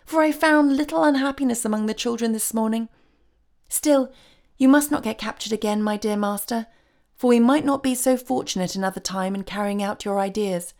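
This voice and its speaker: A woman's voice: mid-range voice, brisk, a little mellow, lightly acted. A woman voicing a small, cheerful and loyal male fairy, speaking eagerly in a storybook reading. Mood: pleased. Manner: eager, pleased.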